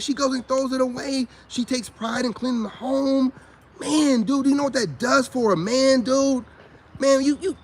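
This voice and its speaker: A man, ranting to camera in an animated, preachy monologue. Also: slight background noise. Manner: animated, preachy, rising to high-pitched exclamations. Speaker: vlogger.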